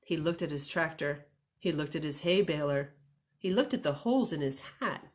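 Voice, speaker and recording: A woman librarian reading a storybook aloud at storytime, animated and giggly. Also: low-pitched, normal speed, roomy sound. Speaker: children's librarian.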